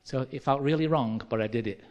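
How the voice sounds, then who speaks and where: A man's voice: medium pitch, brisk, darkish tone, muffled recording. An English preacher with a Midlands accent tells a personal story from the pulpit. He speaks conversationally and acts out the dialogue as he goes. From England. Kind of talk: sermon storytelling.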